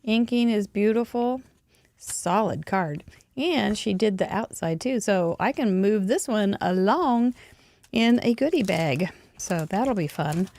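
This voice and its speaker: A woman hosting a crafting show, chatting warmly about mail and cards with frequent little laughs. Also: mid-range voice, lively intonation, slow, dry recording. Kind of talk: casual chat over a card slideshow. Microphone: desk microphone.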